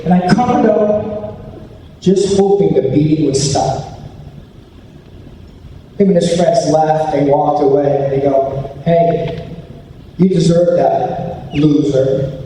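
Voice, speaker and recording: A man with a dark, mellow voice pitched fairly high tells a personal story to a school audience. He acts out every quote as he goes. The sound is distant and roomy, with a long echo from a large hall. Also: a little hiss or hum. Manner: animated storyteller acting out quotes. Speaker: anti-bullying speaker. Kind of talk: storytelling school assembly talk. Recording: echoey hall recorded from far off.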